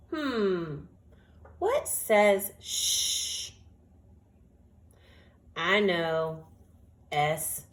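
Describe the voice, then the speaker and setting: A woman teaching a phonics lesson, speaking slowly and carefully and sounding out each word. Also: fairly low pitch, expressive, fairly bright tone. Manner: slow, deliberate, sounds out words.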